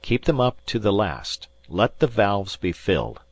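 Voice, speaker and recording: A man voicing a cool, precise English gentleman who speaks with calm, measured authority in an audiobook. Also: on the low side, no room sound, full character voice. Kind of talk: audiobook character voice.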